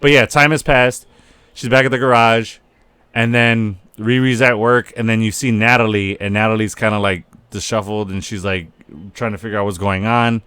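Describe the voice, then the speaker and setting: A man co-hosting a podcast in casual chat, talking in an animated, profane way and acting out scenes in quoted voices. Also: on the low side, normal speed, smooth, dry recording. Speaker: podcast co-host.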